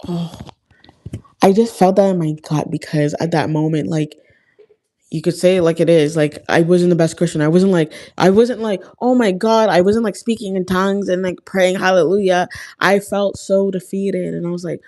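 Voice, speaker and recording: A young woman speaks to her viewers in a loose, heartfelt way, leaning on "like" as she talks. Her voice sits a little low for a woman. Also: steady tone, moderate pace, darkish tone. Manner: chatty and heartfelt, frequent "like" fillers. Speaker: vlogger. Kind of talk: casual faith talk to camera.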